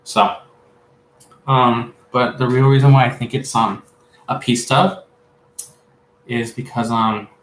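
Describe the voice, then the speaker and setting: A man's voice: mid-range voice, steady tone, a bit bright, a little hiss or hum. A man giving a casual spiritual reading as a psychic medium. He rambles, halts often, and fills gaps with "um". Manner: rambling, halting, many fillers. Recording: echoey room.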